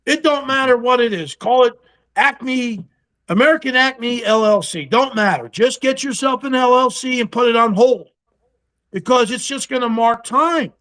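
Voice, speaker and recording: A man's voice: extremely high pitch, moderate pace. A man being interviewed, telling casual stories about starting a business and acting out the dialogue in them, with some salty language. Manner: animated storyteller who acts out quoted dialogue, salty language. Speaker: guest, pickle company co-founder.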